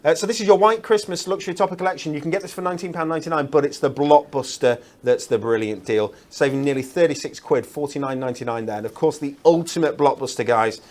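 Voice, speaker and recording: A man's voice: fairly high pitch, fast talker, few pauses, darkish tone. A man presenting craft products on a shopping channel, chatty and upbeat with lots of fillers. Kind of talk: enthusiastic product demonstration.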